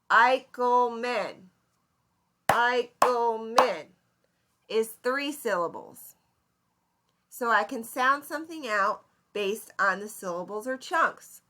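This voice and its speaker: A young woman teaching a recorded lesson to her class. She explains each point slowly and plainly, pausing to ask her students questions. Her voice is bright and sits a little high. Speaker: seventh grade English teacher.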